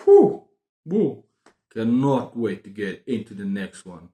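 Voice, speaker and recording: A man chatting casually about books on his video channel, excitable and prone to repeating himself. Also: lowish voice, moderate pace. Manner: excitable, repeats words and phrases. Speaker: book vlogger. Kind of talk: casual book review chat. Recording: roomy echo.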